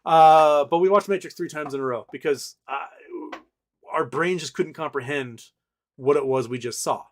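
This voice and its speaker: A man's voice: fairly high pitch, moderate pace. A man in his forties hosting a casual livestream, telling stories in a rambling way with many fillers. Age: 40s. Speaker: livestream host.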